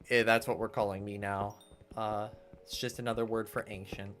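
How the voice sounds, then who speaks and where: A man's voice: mid-range voice, steady tone, normal speed. A man streaming a game, chatting casually and nostalgically while he thinks aloud. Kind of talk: casual gameplay commentary. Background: faint game music.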